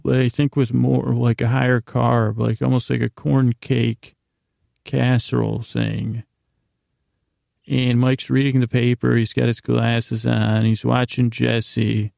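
A man's voice: medium pitch, flat delivery, slow, vocal fry, a little mellow, no room sound, studio quality. A man hosting a podcast, casually retelling a TV episode in a loose storytelling way, full of "he goes" and "like" asides. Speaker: podcast host.

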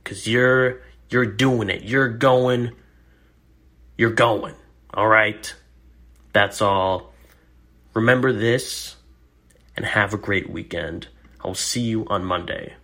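A man's voice: fairly low pitch, steady tone, slow pace, long pauses, bright, forceful tone. A man hosting a solo podcast, talking in an earnest, encouraging and wry way. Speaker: podcast host. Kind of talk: casual solo podcast commentary.

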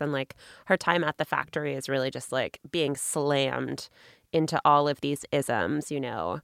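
A woman's voice: deep voice, vocal fry, dry recording, studio quality. A woman interviewing a guest in a casual, chatty way, often filling her sentences with "like.". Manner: casual, chatty, lots of fillers. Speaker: interviewer, host. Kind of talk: interview conversation.

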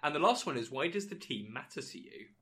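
A game master hosting a tabletop character session, encouraging and quick with asides. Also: mid-range voice, very animated, bright, forceful tone. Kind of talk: casual chat running a character session.

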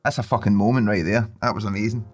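A young man, co-hosting a podcast and telling stories about his baby in a sweary, laughing, animated chat. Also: fairly low pitch, fast, faint music behind. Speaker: podcast co-host. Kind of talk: casual chat.

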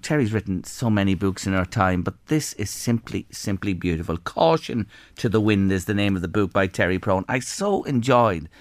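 An Irish man hosts a radio show, gushing with praise in an effusive, eager way. His voice sits fairly low and comes across dry and close to the mic. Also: no echo. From Ireland. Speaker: radio host. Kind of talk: radio interview chat.

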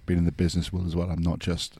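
A man's voice: low voice, monotone, very fast, mellow, husky, no room sound. A man co-hosting a podcast, chatting casually with teasing, jokey banter. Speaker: podcast co-host. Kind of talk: casual chat.

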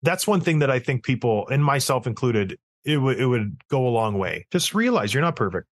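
A man in his thirties co-hosting a hockey talk podcast, talking in animated, ranting bursts. His pitch swings widely as he tells his stories. The sound is close and dry. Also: a little fast, no room sound. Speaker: podcast co-host.

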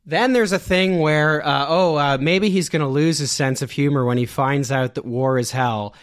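Sardonic male podcast co-host. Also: a little high. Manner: sardonic, swears, acts out movie lines in quick voices. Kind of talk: casual film discussion.

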